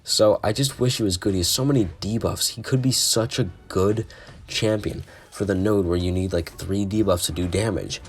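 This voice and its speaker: Deep-voiced young man ranting about a game. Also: normal speed. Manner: excitable ranting, swings from low mutters to loud outbursts. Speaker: gaming YouTuber. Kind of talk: casual game commentary ranking list.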